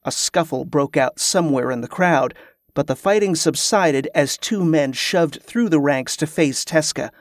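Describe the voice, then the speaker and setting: A man's voice: on the high side, unhurried, no echo. Man narrating an audiobook, dry and close. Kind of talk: scripted narration.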